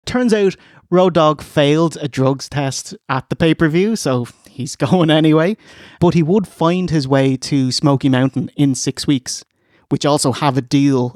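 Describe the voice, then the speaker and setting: An Irish man co-hosting a casual wrestling review podcast, animated and fond of doing impressions. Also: mid-range voice, no room sound, clean studio sound. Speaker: podcast co-host.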